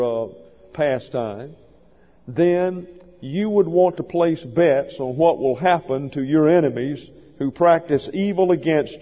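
A male pastor giving a measured, methodical verse-by-verse Bible teaching sermon in a church. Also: on the high side. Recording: dull lo-fi sound with long hall reverb.

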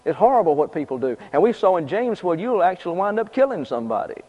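A man's voice: high voice, big pitch swings, fast. Man preaching in a reverberant hall. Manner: conversational preaching with repeated points and asides. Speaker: pastor. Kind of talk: sermon. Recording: dull lo-fi sound with long reverb.

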